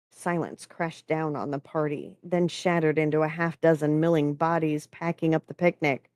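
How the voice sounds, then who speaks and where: A woman reading a story aloud in a measured, unhurried way. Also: low-pitched, fairly even intonation, darkish tone, dry recording, studio quality. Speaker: story reader.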